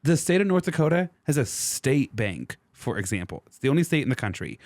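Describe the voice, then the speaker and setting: A man co-hosting a podcast, casually explaining history in an animated, sarcastic way, swearing freely and acting out the people he quotes. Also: medium pitch, brisk, no room sound, clean studio sound.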